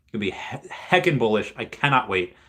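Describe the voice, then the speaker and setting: A man's voice: medium pitch, very animated, brisk, bright, forceful tone. Upbeat young man hosting a livestream. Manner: rambling, upbeat, reads viewer comments aloud. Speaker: livestream host reading chat. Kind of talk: casual livestream chat.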